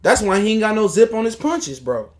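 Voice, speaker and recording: A man's voice: high-pitched, big pitch swings, fairly quick. A man hosting a casual boxing livestream, ranting in a heated, profane, mocking way. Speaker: boxing talk show host.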